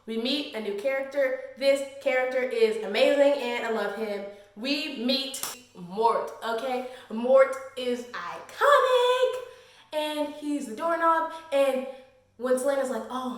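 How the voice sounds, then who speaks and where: A woman giving a casual, gushing book review vlog, full of slang and fangirl excitement. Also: high-pitched, takes it slowly. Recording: very echoey room.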